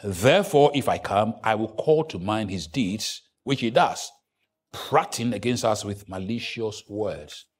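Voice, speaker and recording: A man preaching a sermon as pastor, moving between hushed asides and loud, high-pitched outbursts. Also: animated, a little slow, slightly rough.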